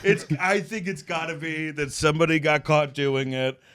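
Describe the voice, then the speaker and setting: A man co-hosting a podcast in casual chat, quick with crude jokes and comebacks. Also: on the high side, fairly bright tone, smooth.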